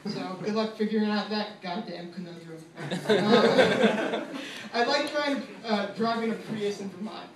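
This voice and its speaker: A man's voice: sits high, unhurried. A man in his twenties, a law student, doing casual and profane stand-up comedy with lots of fillers at an open mic. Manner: casual, profane, self-deprecating delivery with many fillers. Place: small comedy venue with live audience. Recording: echoey room from far off, noisy.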